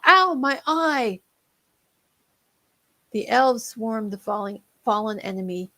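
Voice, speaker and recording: A woman author narrating her own comic holiday story in a lively, playful reading. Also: medium pitch.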